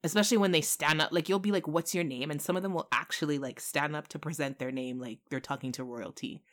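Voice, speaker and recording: A woman podcast host in casual chat, telling stories in an animated way and laughing often. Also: low-pitched, fast.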